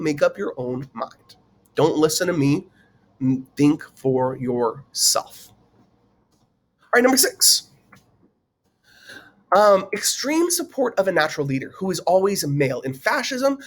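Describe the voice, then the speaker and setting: A man's voice: sits high, a bit bright. A man teaching in a casual, conversational way, with many fillers and questions put to the viewer. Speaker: teacher explaining a political topic. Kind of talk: casual explainer lecture.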